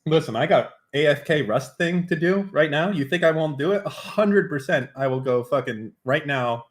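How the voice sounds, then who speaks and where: A man's voice: fairly high pitch, animated, normal speed. A man streaming live, chatting casually in a brash, profane, mock-threatening way.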